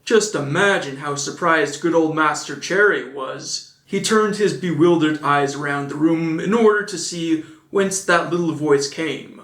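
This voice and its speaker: A man's voice: fairly high pitch, a little slow, hardly any pauses, fairly bright tone, roomy sound. A man narrating an old children's story and adding dry joking asides. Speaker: audiobook narrator. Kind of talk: casual storybook reading with asides.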